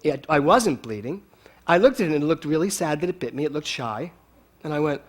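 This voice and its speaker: A man giving a storytelling sermon to a congregation, animated and often laughing as he talks. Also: a little high, brisk. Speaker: speaker at a spiritual center.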